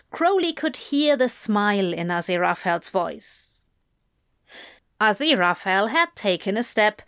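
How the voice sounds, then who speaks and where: A woman slowly reading a romantic story aloud in an intimate tone. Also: a little high, fairly bright tone, clean tone. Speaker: reader. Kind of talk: reading fan fiction aloud.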